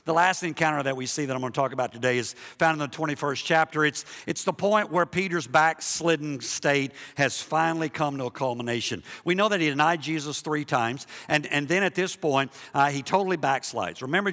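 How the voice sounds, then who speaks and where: A forceful, bright-voiced man preaching with fervor, his pitch sitting a little high. He swings from hushed lines to loud, driving ones and doubles back on his words. A long reverb from a big church hall trails every phrase. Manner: impassioned, swings between hushed and loud, repeats himself. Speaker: pastor. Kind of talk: sermon.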